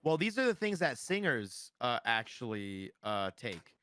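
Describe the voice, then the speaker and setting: A man's voice: medium pitch, sing-song, unhurried, a bit bright, no echo. A man guest on a podcast, chatting casually with lots of fillers and restarts. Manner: rambling, many fillers and restarts. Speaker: streamer guest.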